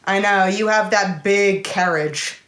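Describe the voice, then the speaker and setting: Brief: casual podcast co-host, woman, animated storyteller who laughs a lot, recording at home a bit back from the mic. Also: medium pitch, slow pace, a crowd in the background. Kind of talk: casual chat. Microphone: home setup, set up far from the mic.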